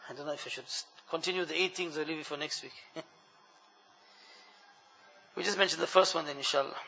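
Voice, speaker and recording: A man with a high, very bright voice tells a story as part of a sermon, speaking to the congregation as brothers. His voice rings with a long reverb in a large hall. The recording itself sounds dull and lo-fi. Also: fairly quick, vocal fry. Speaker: preacher.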